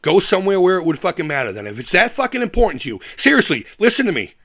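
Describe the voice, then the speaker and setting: A man's voice: high-pitched, very animated, racing, a bit bright. Profane ranting male livestream host. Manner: profane, ranting, laughs often. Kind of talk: casual live chat, reading comments.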